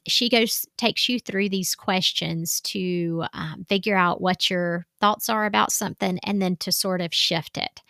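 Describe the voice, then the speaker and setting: A Southern woman in her forties speaks as a life coach in a loose, confessional way, owning up to her own doubts. Her voice has a gravelly fry, she is easy about the ums and restarts, and the sound is dry and close with no room around it. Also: on the low side, a bit bright, no echo. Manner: candid, chatty, self-deprecating, with many fillers. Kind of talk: casual talk to camera.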